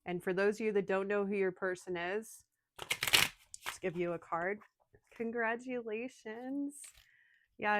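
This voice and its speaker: A woman giving an emotional, excitable channeled tarot reading, speaking straight to her viewers. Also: fairly low pitch. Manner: emotional, excitable, addresses listeners as darling. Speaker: tarot reader.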